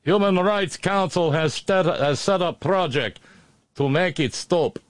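A man's voice: high-pitched, unhurried, no room sound, clean studio sound, pitched above the performer's own voice. A man voicing a pompous male Russian official in a mock Russian accent, with stilted, declaiming delivery.

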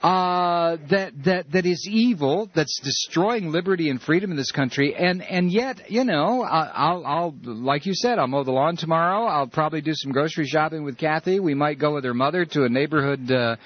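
Husky-voiced ranting radio host, a man. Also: fairly high pitch, expressive, moderate pace, hardly any pauses. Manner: impassioned, ranting, many restarts. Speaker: radio talk show host. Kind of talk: call-in radio talk. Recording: muffled lo-fi broadcast audio.

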